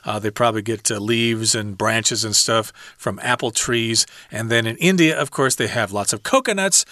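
A man's voice: medium pitch, bright, forceful tone, no room sound, clean studio sound. A man teaching English, reading a passage aloud and then explaining it in plain words in a casual lesson. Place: lives in Taiwan.

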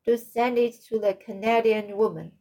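A woman's voice: on the high side, fairly even intonation, moderate pace, mellow. A woman reading the part of an earnest, devoted teenage girl friend in a storybook. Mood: delighted.

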